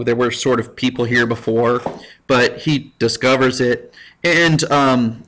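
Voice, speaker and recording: A man, a high school history teacher, giving a casual recorded lecture with jokey, self-mocking asides. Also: fairly bright tone.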